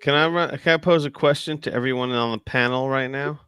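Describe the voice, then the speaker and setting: A man hosting a casual podcast chat, excitable and quick to laugh, who swears freely and keeps throwing questions to the panel. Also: medium pitch, smooth, dry recording, clean studio sound. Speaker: podcast host.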